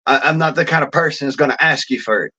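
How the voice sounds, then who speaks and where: A man's voice: a little high, fast, sharp tone, husky, highs cut off. A man ranting in a vlog, swearing constantly in a blunt, rambling way with folksy slang. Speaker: vlogger.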